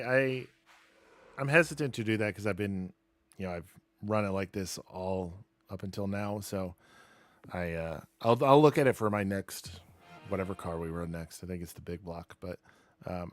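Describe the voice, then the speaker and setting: A man's voice: fairly low pitch, steady tone, normal speed, a bit bright, dry recording. A man streaming a dirt racing game, talking casually and wryly through results and car setup, mocking himself as he goes. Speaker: gaming streamer. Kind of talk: casual live gameplay commentary.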